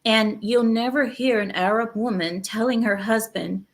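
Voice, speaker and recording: A woman's voice: mid-range voice, steady tone, moderate pace, few pauses. Emphatic woman lecturing her viewers. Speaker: channel host reacting to clips. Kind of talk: opinionated commentary.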